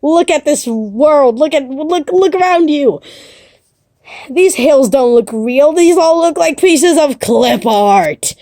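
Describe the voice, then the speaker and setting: A woman voicing a despairing doll girl who turns into a cold killer, speaking flatly and bitterly, in a casual story pitch. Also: slow pace, no room sound, studio quality, exaggerated voice.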